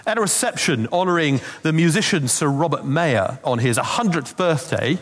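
A man's voice: a little high, animated, moderate pace. A man preaching a Christmas sermon, telling stories in a conversational way with asides. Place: church. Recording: long reverb of a church hall.

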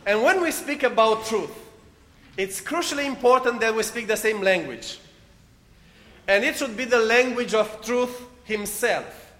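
A man from Romania with a Romanian accent, preaching a sermon and telling a story in short, deliberate phrases with non-native phrasing. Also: very high voice, sharp tone. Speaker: preacher leading a meditation. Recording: echoey hall with long reverb.

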